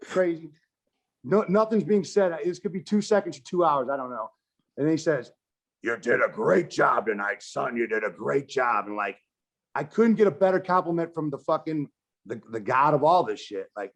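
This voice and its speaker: A man's voice: a little high, moderate pace. Guy rambling through a wrestling story, cussing a lot, voices jumping around as he acts out quotes. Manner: animated, swears constantly, acts out quotes. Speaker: podcast guest, wrestler and filmmaker. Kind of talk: casual storytelling chat.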